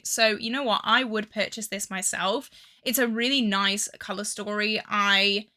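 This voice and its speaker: Midlands girl with a bit of scouse, chatty beauty vlogger, kinda high bright voice, lots of um and like. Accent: English Midlands with a hint of Scouse. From England. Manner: chatty and indecisive, with many fillers and dramatic sighs over choices. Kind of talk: casual product review chat.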